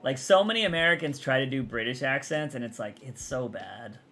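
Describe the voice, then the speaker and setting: A young man from Texas, chatting casually on a livestream, rambling and answering chat out loud. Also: medium pitch, lively intonation, brisk.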